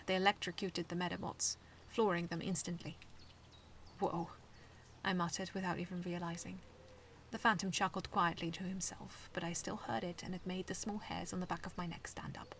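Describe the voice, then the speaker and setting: A woman reading her own first-person fan story aloud in a soft, hushed storytelling voice. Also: on the low side, slight background noise.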